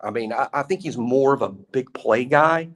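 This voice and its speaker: A man co-hosting a sports talk show, talking in an animated, emphatic way with a lot of repetition. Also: mid-range voice, moderate pace. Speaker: co-host.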